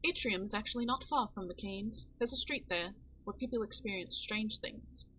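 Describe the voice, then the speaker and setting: A calm, inquisitive male doctor, read by a woman voicing a game, asking measured, probing questions. Her voice stays at a mid pitch with faint hiss underneath. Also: natural voice, low-quality recording. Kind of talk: reading game dialogue aloud.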